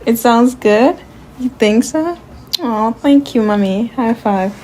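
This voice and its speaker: A woman's voice: a little high, slow pace, mellow, a little hiss or hum. Giggly mother in playful banter. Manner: giggly, teasing, protesting. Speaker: mother and channel host. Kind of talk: playful family chat.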